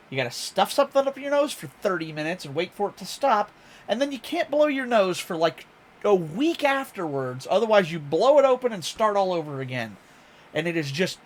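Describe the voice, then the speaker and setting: High-voiced man telling a story. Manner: storytelling, swearing, acting out quotes. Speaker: streamer. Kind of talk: casual chat.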